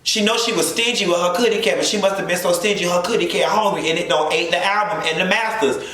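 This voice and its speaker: A man's voice: sits high, quick pace, a bit bright, heavy reverb, poor audio. A man giving a sassy, flamboyant, profane comedic recap of a reality show. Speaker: reality TV commentator.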